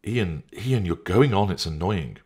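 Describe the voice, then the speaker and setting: A man's voice: low-pitched, expressive, unhurried, a little mellow, breathy edge, voice pushed up, exaggerated voice. A man voicing an irritated, overwhelmed young mother who pushes her lover away, in an audiobook reading. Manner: curt, exasperated, impatient.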